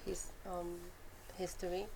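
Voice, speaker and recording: Gravelly-voiced woman telling a story. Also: on the low side, measured pace, a little hiss or hum. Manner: animated storyteller, gropes for words. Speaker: comedian guest. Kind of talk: casual interview chat.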